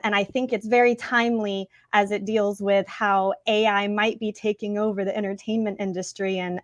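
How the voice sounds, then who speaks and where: A woman filmmaker being interviewed, answering in an articulate, measured way with a few fillers. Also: mid-range voice, no echo, studio quality. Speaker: filmmaker guest.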